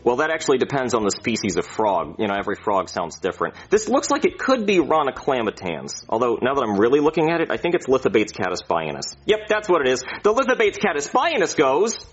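A man's voice: mid-range voice, wildly swooping pitch, fast, hardly any pauses, breathy edge. A man voicing a crude, rambling character who mocks people and drifts off topic. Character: rude, rambling cop and doctor. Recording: dull lo-fi sound.

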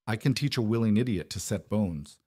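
A man voicing a blunt, coldly clinical woman surgeon who speaks flatly and quietly in a storybook reading. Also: on the low side, a little fast, breathy edge, dry recording, clean studio sound. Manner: flat, clinical, murmured. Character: blunt, cold female field surgeon.

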